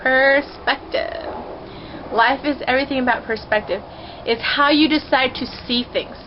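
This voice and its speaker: A woman's voice: high voice, normal speed, muffled recording, slight background noise. A woman talking casually to her viewers from her own room, rambling, playful and openly emotional. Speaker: vlogger. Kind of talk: casual heartfelt talk to camera.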